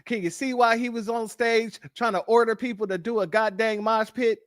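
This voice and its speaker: An American man hosting a live-stream commentary, sarcastic and animated, calling his viewers family. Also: very high voice, normal speed, few pauses, dry recording, studio quality. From United States.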